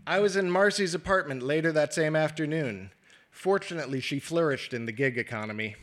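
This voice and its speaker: A man reading his own prose aloud at a live literary reading, measured and wry. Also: on the high side, a bit bright.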